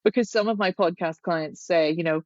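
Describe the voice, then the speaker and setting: A woman voice coach, chatting as a podcast guest and explaining vocal exercises in a demonstrative, unhurried way. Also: fairly low pitch, no echo, dull audio.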